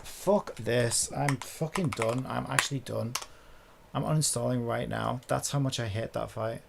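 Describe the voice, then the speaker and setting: A man's voice: mid-range voice, normal speed, creaky, very noisy. A man streaming a game live, ranting furiously and swearing about a boss fight. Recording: game music playing behind.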